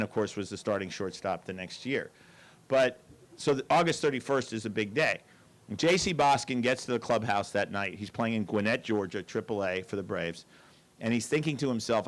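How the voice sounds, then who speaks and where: A man's voice: medium pitch, a bit bright. An older man giving a storytelling talk to an audience, with dry asides and quoted lines.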